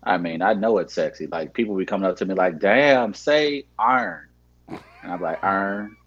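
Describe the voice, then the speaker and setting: A man with a St. Louis accent, co-hosting with deadpan, joking bravado in casual banter. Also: deep voice, normal speed, husky, dull audio. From St. Louis, USA. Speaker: co-host.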